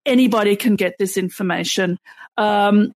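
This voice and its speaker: A woman's voice: medium pitch, moderate pace, no echo. A woman co-hosting a podcast, recounting events at length with plenty of fillers and restarts. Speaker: podcast co-host. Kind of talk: casual podcast discussion.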